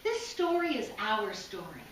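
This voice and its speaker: A woman's voice: medium pitch, wildly swooping pitch, measured pace, slight background noise. A woman preacher telling a folk tale during a sermon in an easy, folksy storyteller manner. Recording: echoey hall, from far off.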